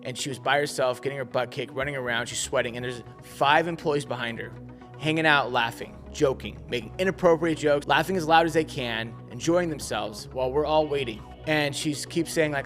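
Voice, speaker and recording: A man's voice: medium pitch, a little fast, fairly bright tone, faint music behind. A man telling a restaurant story and critiquing the service in an indignant, emphatic way. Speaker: restaurant reviewer. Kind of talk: storytelling commentary.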